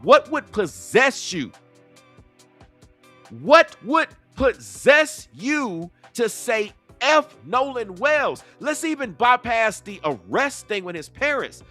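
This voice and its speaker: A man's voice: high-pitched, sharp tone. A man giving heated reaction commentary, confrontational and full of rhetorical questions. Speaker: YouTube commentator.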